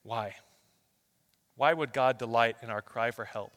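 A male pastor preaching a sermon, his delivery swinging between loud rapid bursts and soft slow passages as he runs through a long string of scripture verses. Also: medium pitch, long reverb tail. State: out of breath.

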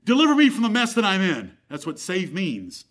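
A man preaching a sermon to his congregation. He asks rhetorical questions, quotes scripture, and swings between fervent build-ups and low, quiet stretches. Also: huge pitch swings, brisk. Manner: preaches with rising fervor, then drops to a low, quiet tone; rhetorical questions and Bible quotations.

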